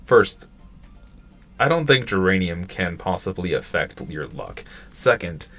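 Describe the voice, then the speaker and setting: A firm, businesslike schoolgirl treasurer, exasperated by her clubmates, read by a man in nearly his own voice. The tone is low and husky with lively pitch. She keeps things precise and stern. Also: measured pace, faint music behind, full character voice. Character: strict, serious schoolgirl treasurer.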